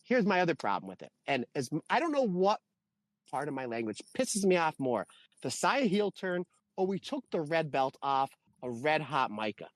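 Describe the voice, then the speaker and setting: A man co-hosting a wrestling review podcast, talking in an animated, exasperated rant. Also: on the high side, normal speed, no echo. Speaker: podcast co-host. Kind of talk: casual wrestling review chat.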